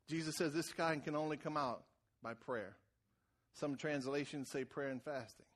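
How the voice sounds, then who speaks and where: A man preaching a sermon in a conversational way, repeating words as he starts phrases and rising to loud, shouted emphasis. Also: fairly high pitch, a little slow. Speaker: pastor.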